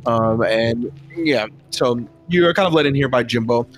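A male game master describing a fantasy scene at a mid pitch, often pausing with um and like. A faint ambient hiss sits under his voice. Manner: rambling, many fillers. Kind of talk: narrating a tabletop game.

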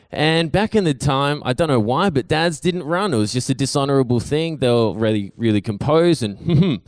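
A man's voice: medium pitch, moderate pace, hardly any pauses, no room sound, studio quality. A young man, giving a casual storytelling sermon as guest speaker, joking with lots of fillers and asides. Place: church service.

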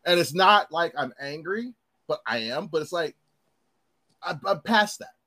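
A man tells stories in casual conversation, his voice pitched high and swinging up and down as he acts out the people he quotes. He talks in a profane, animated way. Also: measured pace. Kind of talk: casual podcast chat.

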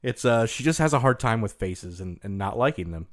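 A man's voice: lowish voice, expressive, dry recording, studio quality. A man hosting a casual podcast chat, teasing and joking with his guest. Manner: joking, playful, drawn-out teasing. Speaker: podcast host.

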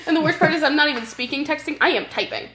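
A woman co-hosting a casual podcast, telling animated stories and laughing often, recorded in a basement. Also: high voice, racing, very noisy. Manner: animated, giggly storyteller. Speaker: podcast co-host. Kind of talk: casual chat. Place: suburban basement. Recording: roomy basement echo.

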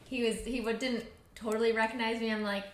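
A woman's voice: a little high, steady tone, fast talker. A young woman, a podcast guest, telling stories in casual chat and giggling often. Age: young adult. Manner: chatty storyteller, giggly. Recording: echoey room.

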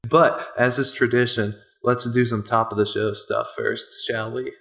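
A man's voice: medium pitch, fairly even intonation, normal speed, vocal fry, a bit bright. A man co-hosting a podcast in casual chat, with dry, self-deprecating humor and frequent laughs. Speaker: podcast co-host.

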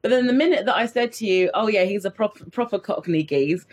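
A woman's voice: medium pitch, expressive, fairly quick, a little mellow, breathy edge. A woman co-hosting a casual podcast chat, talking freely and mimicking how others speak. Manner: chatty, laughing, mimics others. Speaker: podcast co-host.

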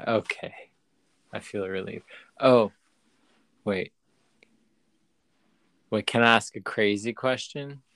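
A man's voice: fairly low pitch, slow, pauses often, dry recording. Dry-sounding joking male podcast host. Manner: animated and joking, many restarts. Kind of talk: casual chat.

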